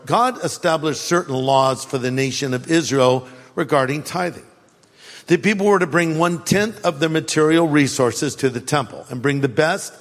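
Older preacher in a reverberant hall. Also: male voice, fairly high pitch. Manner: animated storytelling with sarcasm and emphatic repetition. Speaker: pastor. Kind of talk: sermon.

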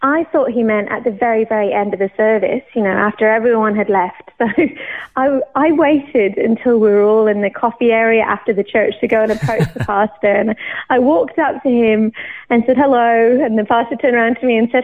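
A woman in her thirties telling her personal faith testimony in an animated way, laughing often. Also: a little high, normal speed. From England. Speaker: guest sharing her faith story. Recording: tinny phone-line sound.

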